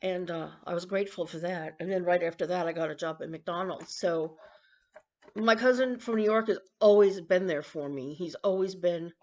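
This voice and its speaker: A woman in her sixties rambling and confiding in a casual personal vlog, with coughs and throat-clearing. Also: fairly low pitch, moderate pace, a little mellow, muffled recording. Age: 60s. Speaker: vlogger.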